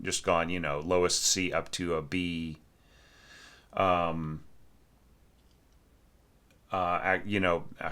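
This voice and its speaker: A man critiquing a student's orchestration, talking haltingly with many fillers and self-corrections, and now and then singing out rhythms. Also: deep voice, pushed and bright. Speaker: orchestration teacher giving feedback. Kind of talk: spoken score critique.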